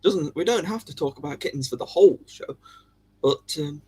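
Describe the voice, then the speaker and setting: A man's voice: on the high side, lively intonation, moderate pace, dark tone, breathy edge. A man hosting a livestream, chatting casually with viewers in a jokey, giggly way. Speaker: livestream host.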